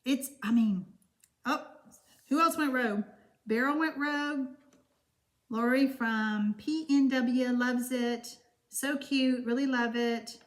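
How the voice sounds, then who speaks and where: A woman's voice: sits high, takes it slowly, pauses often. A woman with a Texan accent hosting a chatty card-making live stream, gushing and rambling as she reads viewer comments. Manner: warm, gushing, rambling with fillers.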